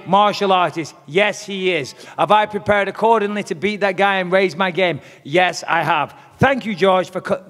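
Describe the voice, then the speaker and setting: A man at a press conference, taunting and swearing with cocky swagger. His voice sits high for a man. It rings out with a long reverb, as in a big hall. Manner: brash, profane, taunting. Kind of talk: trash talk at a press conference.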